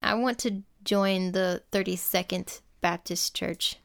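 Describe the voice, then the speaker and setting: A woman's voice: mid-range voice, steady tone, slow pace, vocal fry. A woman co-hosting a casual history podcast, reading out prepared facts and then cracking dry jokes. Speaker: podcast co-host.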